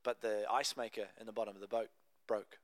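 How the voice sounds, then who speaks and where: Smooth-voiced man preaching a sermon. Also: on the low side, brisk, dry recording. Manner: conversational, animated storytelling with asides. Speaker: pastor.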